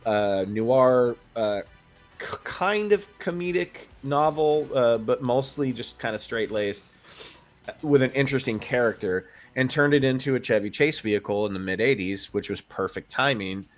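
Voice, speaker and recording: A man's voice: mid-range voice, moderate pace, faint music behind. A man co-hosting a film podcast, talking casually and rambling with many fillers. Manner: relaxed, rambling, many ums and uhs. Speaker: podcast co-host. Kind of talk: casual film review chat.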